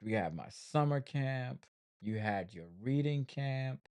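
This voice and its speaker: A man's voice: mid-range voice, lively intonation, slow, darkish tone, smooth. A man co-hosting a casual live chat, playful and teasing. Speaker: co-host.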